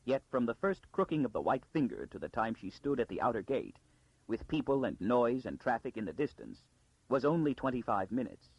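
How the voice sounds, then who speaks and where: A man narrating an audiobook in a dramatic storytelling style with a gravelly, husky voice. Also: medium pitch, big pitch swings, a little fast, no echo, lo-fi sound. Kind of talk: scripted narration.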